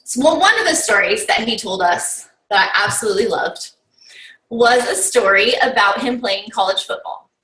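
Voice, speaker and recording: High, bright woman rallying her team. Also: animated, normal speed. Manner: rallying, full of rhetorical questions, fills her talk with "like" and "okay?". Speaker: team coach recapping a summit. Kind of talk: motivational talk. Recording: roomy and distant from the mic.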